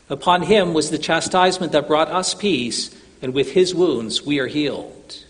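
A man's voice: a little high, a little slow, hardly any pauses, a bit bright. A man preaching an earnest sermon, addressing his listeners as brothers and sisters, with long hall reverb.

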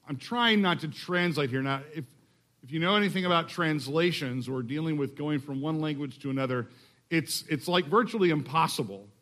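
A middle-aged man from Texas preaching a sermon in a conversational way, slowing down to read scripture aloud. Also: a little high, a bit bright. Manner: conversational, restarts phrases, slows to read scripture. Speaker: pastor.

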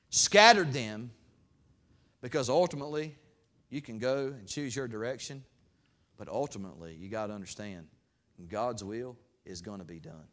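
A man pastor preaching a sermon. He swings from loud, raised peaks to quiet, conversational asides, and acts out God's words in a folksy voice. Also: lowish voice. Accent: regional accent of his own.

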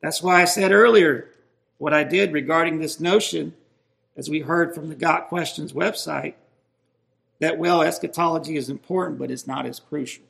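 A man's voice: a little high, moderate pace, vocal fry, fairly bright tone. A man preaching a sermon, emphatic and building in intensity as he stresses his points.

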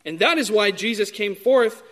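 A man preaching a sermon in a measured, emphatic way, drawing out key words. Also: high-pitched, animated, a bit bright.

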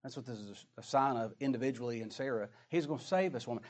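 A man's voice: mid-range voice, quick pace, hardly any pauses, a little mellow. A man preaching a sermon, reading scripture aloud and asking emphatic rhetorical questions.

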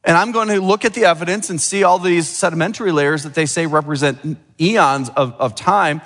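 A man's voice: a little high, fairly quick. Preaching man in an echoing church. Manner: asks the congregation rhetorical questions; lively preaching, swings from quiet to emphatic. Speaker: pastor. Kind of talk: sermon. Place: church sanctuary. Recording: long hall reverb.

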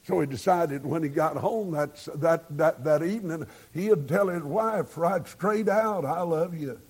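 A man's voice: on the high side, measured pace, a little mellow, husky. A man preaching a sermon, telling folksy stories and building to fervent emphasis.

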